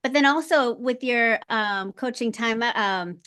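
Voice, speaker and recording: A woman's voice: fairly high pitch, a little slow, a bit bright, clean tone. A woman co-hosting a casual podcast chat, hesitant with lots of fillers. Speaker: podcast co-host.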